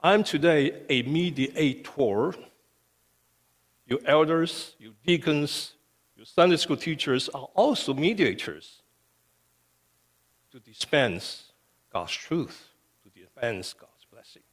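A man's voice: fairly high pitch, lively intonation, slow pace, long pauses. A male pastor preaching a sermon with emphasis, often checking in with "okay". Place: church sanctuary. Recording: long reverb of a church hall.

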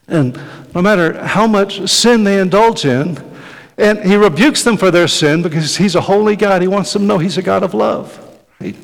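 A middle-aged man preaching a sermon in a conversational way, often checking in with "right?" and acting out quoted speech with big swings in loudness. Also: on the high side. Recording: long hall reverb.

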